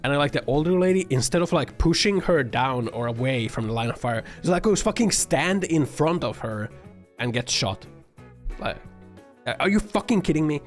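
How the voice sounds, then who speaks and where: A man's voice: a little high, animated, normal speed, faint music behind. A man streaming, giving an exasperated, profanity-laden rant full of filler words and bursts of laughter. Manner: laughs often mid-sentence. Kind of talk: casual livestream commentary.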